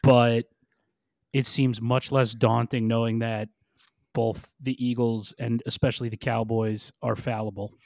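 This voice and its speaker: A man's voice: medium pitch, flat delivery, measured pace, creaky, a little mellow, dry recording, clean studio sound. A man who produces a sports podcast, chatting bluntly and sardonically and swearing freely. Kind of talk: casual sports chat.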